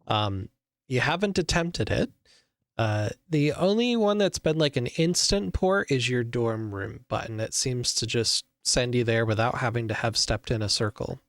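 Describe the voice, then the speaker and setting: A man narrating as game master of a tabletop game over an online call, describing scenes in an unhurried way with many fillers. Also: mid-range voice, animated, no room sound, clean studio sound.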